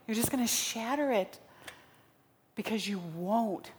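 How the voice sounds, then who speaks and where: A woman's voice: on the high side, a little slow, darkish tone. A woman preaching a sermon in a dramatic style, repeating phrases for emphasis. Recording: long reverb of a large hall.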